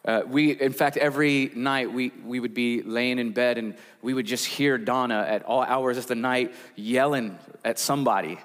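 A man's voice: mid-range voice, fairly even intonation, normal speed, hardly any pauses, a bit bright. A man, a pastor, preaching a sermon in a conversational storytelling way with frequent fillers. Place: church sanctuary. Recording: long church hall reverb.

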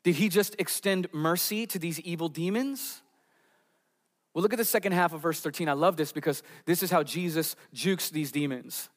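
A man preaching a sermon in a slightly higher-pitched voice. He explains his passage plainly and then builds emphasis. His voice rings through a hall with long reverb. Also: moderate pace. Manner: expository preaching, rising in emphasis, voicing the demons' pleas. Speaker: pastor.

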